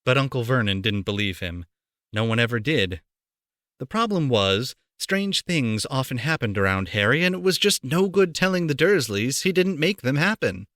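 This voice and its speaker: A man reading a storybook aloud for children, playful and animated, on a close home mic. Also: medium pitch, normal speed, no echo. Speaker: amateur voice actor reading aloud.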